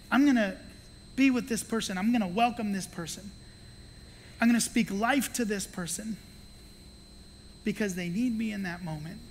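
A pastor, an adult with children, delivers a sermon in a church sanctuary, where his medium-pitched voice carries through a large hall with a little hiss or hum. His storytelling is animated, with the characters' voices acted out and playful asides tossed in.

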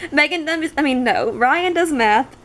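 A woman's voice: sits high, lively intonation, slow, a bit bright. A young adult woman chatting casually to her camera, giggling as she talks. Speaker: vlogger. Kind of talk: casual vlog.

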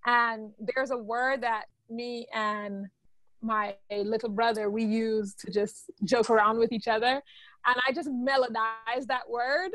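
Guyanese woman, slightly high voice. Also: steady tone, unhurried, fairly bright tone, dry recording. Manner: candid, reflective storytelling. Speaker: guest songwriter. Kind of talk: podcast interview.

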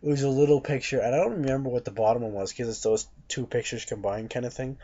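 A young man vlogs straight to camera in a fast, mid-range voice with a dark tone, launching into a blunt, profane, mocking rant. The recording is dull and lo-fi.

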